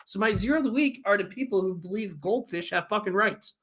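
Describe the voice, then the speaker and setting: A man's voice: high-pitched, fast, hardly any pauses. A young man co-hosting a podcast, telling stories in casual chat, swearing freely and getting worked up with exasperation. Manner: profane, animated storytelling with bursts of exasperation. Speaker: podcast co-host.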